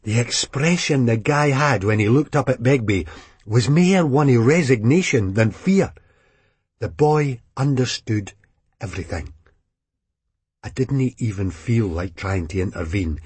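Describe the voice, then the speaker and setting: A man with a Scottish accent narrating a novel in a blunt, deadpan way. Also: mid-range voice, a little slow, breathy edge, no echo. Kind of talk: audiobook narration.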